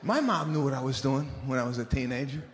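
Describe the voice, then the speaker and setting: A man doing stand-up comedy, telling stories in an animated, exasperated way. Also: medium pitch, fast talker, long reverb tail, a little hiss or hum.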